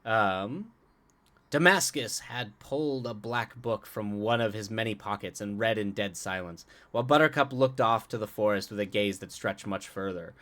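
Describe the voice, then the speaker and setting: A man hosting a live stream, chatting with viewers in a rambling, halting way full of restarts and chuckles, then reading a story aloud. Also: fairly low pitch, a bit bright. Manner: answers chat directly, playful.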